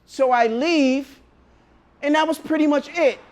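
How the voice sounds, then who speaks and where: A man with a very high voice tells a personal story casually. He talks in slang, swears freely and jumps into loud shouts when the story peaks. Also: measured pace. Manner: animated, swearing, bursts into shouts.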